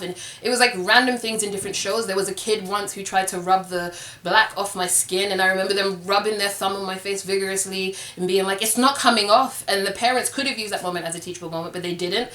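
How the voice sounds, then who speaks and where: A woman's voice: medium pitch, pushed and bright, echoey room. A young woman vlogging, telling a personal story to camera in a candid, conversational way, with plenty of filler words.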